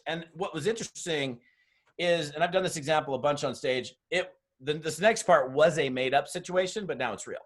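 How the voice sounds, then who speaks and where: A middle-aged man giving blunt, tough business training on a webinar, telling stories with acted-out dialogue. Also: a little high. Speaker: network marketing trainer. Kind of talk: motivational webinar talk. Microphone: webinar mic.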